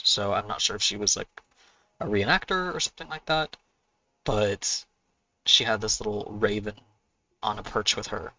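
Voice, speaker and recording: A man's voice: lowish voice, sharp tone, lo-fi sound. A man chatting casually on a live stream while he draws, self-mocking and often muttering or whispering to himself as he works. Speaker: artist and author streaming his drawing.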